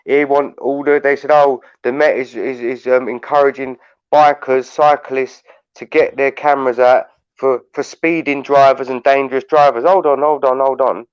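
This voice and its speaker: A London man rants bluntly, swearing freely and telling his stories at a steady clip. The sound is dry and close, with a slightly dull, muffled edge from the livestream audio. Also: medium pitch, normal speed, clear, resonant tone, no echo. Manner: blunt, sweary, storytelling rant. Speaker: livestream panel host. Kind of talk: heated casual chat.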